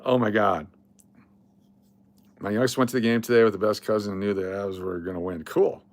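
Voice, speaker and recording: A man's voice: lowish voice, fairly even intonation, brisk, no echo. A man hosting a casual livestream, blunt and sarcastic, swearing now and then. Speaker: livestream host.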